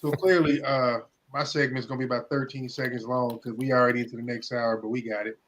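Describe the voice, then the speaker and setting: Bright-voiced man in casual podcast banter. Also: mid-range voice, flat delivery, fast talker, faint music behind. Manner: loose, profane banter with frequent laughs. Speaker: podcast co-host. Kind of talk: casual chat.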